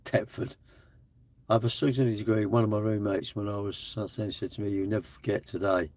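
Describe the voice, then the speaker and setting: A man's voice: lowish voice, level tone, a little fast, a little mellow. A man hosting a live stream, chatting bluntly and casually with his viewers. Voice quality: blunt, chatty, slangy delivery.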